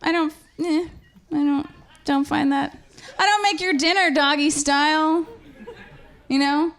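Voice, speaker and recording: A woman doing stand-up comedy on a club stage into a handheld mic, with sarcastic, deadpan asides. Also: sits high, unhurried, pauses often.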